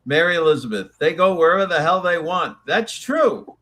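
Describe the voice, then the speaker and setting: A man co-hosting a casual news chat show, ranting in an animated way. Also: fairly high pitch, normal speed. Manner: animated, ranting, breaks into mocking voices. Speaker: co-host.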